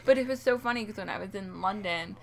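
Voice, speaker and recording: A woman's voice: medium pitch, fast, gravelly, a crowd in the background. A young American woman co-hosting a casual Q&A chat with her husband, easygoing and often laughing at herself. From United States. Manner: laughing, easygoing, self-deprecating. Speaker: co-host, host's wife.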